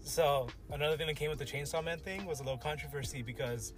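A man's voice: fairly high pitch, fast talker, music in the background. A young man co-hosting a casual podcast chat, slangy and swearing, laughing often. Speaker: podcast co-host.

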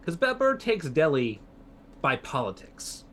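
Animated man telling history. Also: a little high, a little slow, a little hiss or hum. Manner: storytelling with fillers, animated. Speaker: podcast co-host. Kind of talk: casual history podcast chat.

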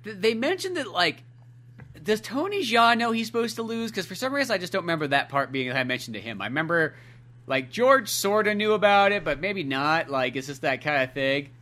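Young man, podcast co-host, rambling filler-heavy talk, bright tense voice, slightly high. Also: sing-song, fairly quick. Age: young adult. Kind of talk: casual movie-review chat.

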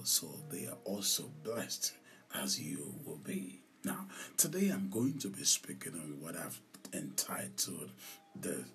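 A man who is a pastor and podcast host, preaching a sermon slowly and emphatically, repeating key lines and dropping into whispers. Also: sits low, fairly bright tone, distant mic.

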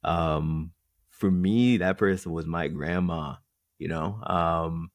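A young man hosting a conversational interview, attentive, with soft backchannels. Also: sits low, steady tone, takes it slowly, dry recording. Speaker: interview host.

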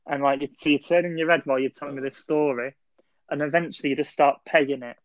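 A man's voice: fairly high pitch, steady tone, fast, no echo. A young man chatting casually on a podcast, telling a long dream story with lots of fillers and restarts. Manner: rambling storyteller with many fillers. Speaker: podcast co-host. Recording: dull, dry lo-fi sound.

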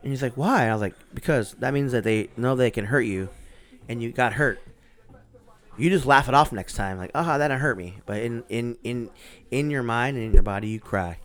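Swearing freely and performing the quotes himself, a thirty-something podcast host spins a story in a casual chat. His voice is mid-range and his pace brisk.

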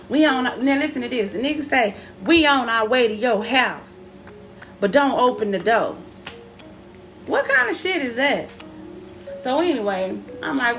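Gravelly, profane woman telling a story. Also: a little high. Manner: animated, profane, acts out quoted voices. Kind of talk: casual storytelling monologue.

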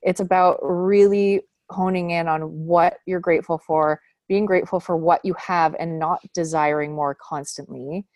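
A woman's voice: fairly low pitch, steady tone, normal speed, hardly any pauses, darkish tone, no room sound, clean studio sound. A woman in a casual conversation, talking earnestly and reflectively, with frequent small laughs.

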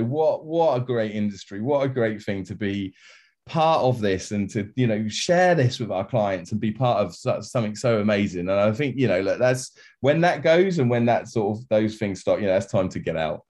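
A man, a podcast guest telling animated anecdotes full of quoted voices. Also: fairly high pitch. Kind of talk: casual storytelling.

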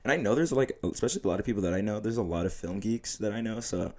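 A man's voice: lowish voice, lively intonation, very fast, darkish tone. A young man co-hosting a podcast, chatting casually about films in a laid-back, slangy way with plenty of swearing. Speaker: podcast co-host.

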